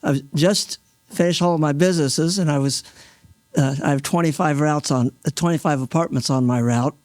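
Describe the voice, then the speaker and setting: A mail carrier in his sixties recounting a rescue at an awards event in an earnest, halting way, restarting often and acting out what people said. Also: on the high side, darkish tone, no room sound. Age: 60s. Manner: earnest, halting, with many restarts and re-enacted quotes. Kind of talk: emotional first-person storytelling. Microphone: stage microphone.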